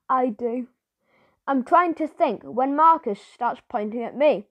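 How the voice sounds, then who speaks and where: A woman narrating a children's audiobook as lively first-person storytelling. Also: on the high side, moderate pace, no echo, highs cut off.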